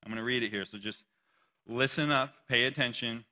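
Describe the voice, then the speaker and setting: A man preaching a casual sermon, reading scripture slowly and dramatically between conversational asides. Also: medium pitch, bright, forceful tone, a little hiss or hum. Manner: conversational, reads scripture slowly and dramatically, frequent laughs and "right?". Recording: long hall reverb.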